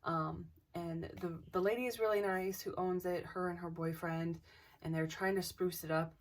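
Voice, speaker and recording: A woman's voice: fairly low pitch, fairly even intonation, normal speed, distant mic. A young woman casually telling a ghost story, hesitant, with many restarts and dips into near-whispers.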